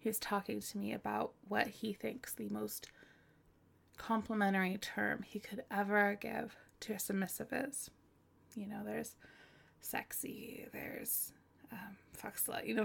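Slow, gravelly-voiced giggly woman. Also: medium pitch. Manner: giggly, rambling, drifts into soft half-whispers. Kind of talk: candid personal monologue.

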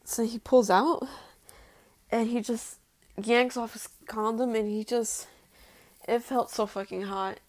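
Breathy young woman telling a racy story. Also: on the high side, steady tone, takes it slowly, pauses often, no room sound.

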